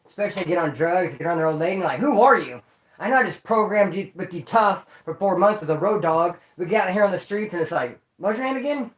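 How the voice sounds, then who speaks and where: A man's voice: high voice, animated, quick pace. A man hosting a livestream, telling stories in casual slang, rambling and repeating himself. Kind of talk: casual storytelling. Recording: roomy echo.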